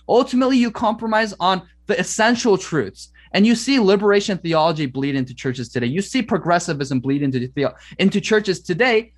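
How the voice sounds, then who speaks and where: A man speaking as an interview guest, telling a personal story in an earnest, emphatic way. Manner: earnest, emphatic, swings between high and low pitch.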